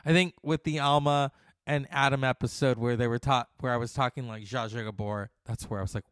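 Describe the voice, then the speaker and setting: A man's voice: mid-range voice, fairly even intonation, a little fast, a bit bright, smooth, no echo, clean studio sound. A man in his forties hosting his own podcast, talking in a loose, profane and self-mocking way. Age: 40s. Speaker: podcast host. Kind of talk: casual solo podcast monologue.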